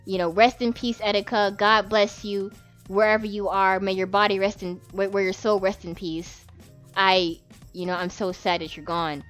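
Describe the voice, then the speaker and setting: A woman's voice: mid-range voice, level tone, moderate pace, a bit bright, faint music behind. Woman in a rambling, emotional vlog monologue. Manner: rambling, passionate, heavy swearing.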